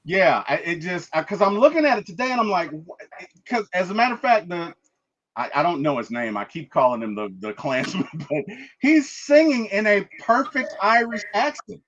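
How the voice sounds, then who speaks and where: A man hosting a casual movie review, retelling scenes in an animated way and acting out the characters' lines. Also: high-pitched, moderate pace, highs cut off. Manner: animated storyteller, acts out quotes, frequent "right?".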